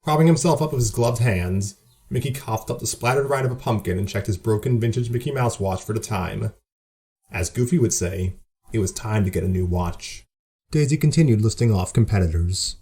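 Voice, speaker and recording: A man's voice: on the low side, normal speed, mellow. A man hosting a story show and narrating a fan story, with dry, self-mocking humor. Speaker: host and narrator.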